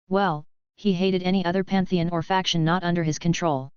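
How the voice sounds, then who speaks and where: A woman's voice: fairly low pitch, steady tone, fairly quick, hardly any pauses, a little mellow, clear, resonant tone, no room sound. A woman narrating a novel in the first person, with a casual, snarky manner. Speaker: audiobook narrator. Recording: dull lo-fi audio.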